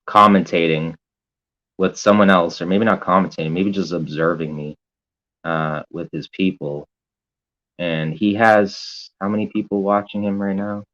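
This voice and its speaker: A man's voice: sits low, rough recording. A man live-streaming in a casual, rambling way, reading viewer comments aloud with lots of fillers and some swearing. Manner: rambling and hesitant, full of fillers and profanity.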